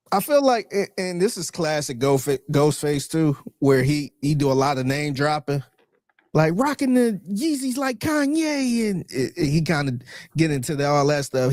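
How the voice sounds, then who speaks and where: A man co-hosting a music podcast, easygoing and quick to laugh, with loose, slangy talk. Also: a little high, darkish tone, no room sound, studio quality. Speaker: podcast co-host. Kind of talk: casual chat.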